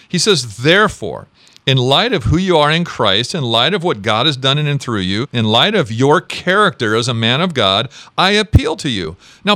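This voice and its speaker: A man pastor preaching a sermon, asking the congregation questions and moving between quick and slow, emphatic phrasing. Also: medium pitch, fairly bright tone, dry recording.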